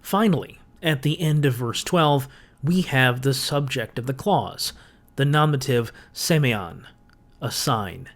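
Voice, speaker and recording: A man of middle pitch narrates a scripted lecture on ancient grammar. He explains each point methodically, with a dry, wry humor now and then. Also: expressive, a little slow. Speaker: biblical studies channel host.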